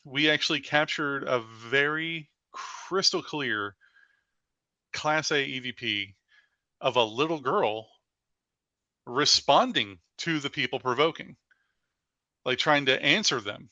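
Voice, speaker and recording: A man's voice: medium pitch, slow, pauses often, dry recording, lo-fi sound. A man, a paranormal investigator, telling stories as a guest in a casual podcast interview, filling his speech with "like". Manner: animated storyteller with frequent "like" fillers.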